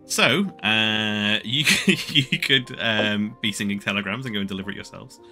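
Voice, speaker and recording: A man's voice: fairly low pitch, normal speed, pushed and bright, soft background music. A man running a tabletop game as game master, rambling with stammering restarts.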